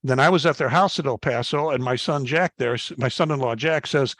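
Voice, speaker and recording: A man's voice: mid-range voice, brisk, few pauses, fairly bright tone, no room sound. An older man in his seventies from Chicago, giving a slide talk to an astronomy club as guest speaker and telling folksy stories with plenty of fillers and restarts. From Chicago, United States. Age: 70s. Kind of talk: slide talk with personal anecdotes.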